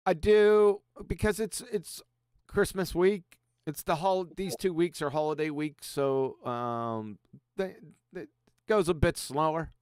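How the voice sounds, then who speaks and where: Smooth-voiced man hosting a casual chat. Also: a little high, takes it slowly, darkish tone, no room sound, clean studio sound. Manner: easygoing, chuckling, with stumbling restarts. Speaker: livestream host.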